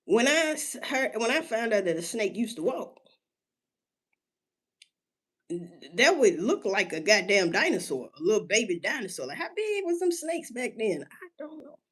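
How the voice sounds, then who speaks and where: A woman ranting casually to her listeners in street slang, cursing freely and firing off rhetorical questions, with drawn-out emphasis and sudden jumps in pitch. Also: very animated, fairly bright tone, husky. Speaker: solo commentator. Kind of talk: casual rant.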